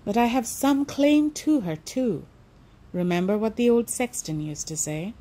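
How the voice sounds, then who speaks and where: A gentle, amused vicar father with a soft, indulgent way of talking, as a woman reading an audiobook puts him on. The tone is mellow and warm, fond rather than stern. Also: fairly high pitch, animated, measured pace, voice pushed up.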